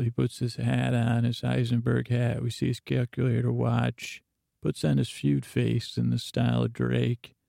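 A man's voice: mid-range voice, no room sound, clean studio sound. A man hosting a podcast, giving a meandering bedtime recap full of fillers. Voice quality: gravelly. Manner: meandering, monotone, filler-heavy. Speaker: podcast host.

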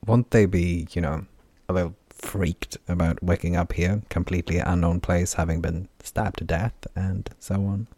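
A man's voice: sits low, steady tone, moderate pace, mellow, dry recording. A man voicing a brash, teasing female magic healer who talks breezily and sarcastically, with plenty of fillers.

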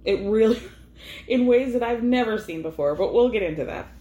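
A woman's voice: a little high, lively intonation, normal speed, mellow, highs cut off. A woman hosting a podcast, recapping a reality show in a chatty, laughing way full of "like" fillers. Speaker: podcast host. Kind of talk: casual recap chat. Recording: roomy echo.

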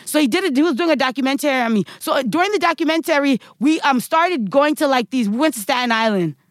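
High-voiced woman telling wild stories. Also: fast talker, no echo, clean studio sound. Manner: animated storytelling, swears freely. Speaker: guest. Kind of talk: casual chat.

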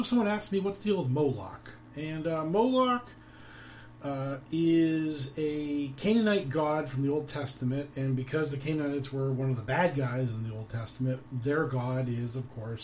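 A man's voice: mid-range voice, darkish tone, a little hiss or hum. A man hosting his own show, talking in a rambling, sardonic way with lots of fillers. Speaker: podcast host. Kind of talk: casual commentary.

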